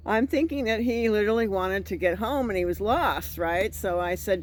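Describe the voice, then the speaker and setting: Woman, vlogger, casual storytelling, mid-pitched, faint noise behind. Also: moderate pace. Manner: animated retelling with quoted voices.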